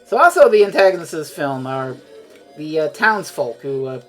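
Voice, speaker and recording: A woman's voice: low-pitched, sing-song, moderate pace, soft background music. A woman streaming a video game, rambling and swearing freely as she chats. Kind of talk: casual chat while playing a video game.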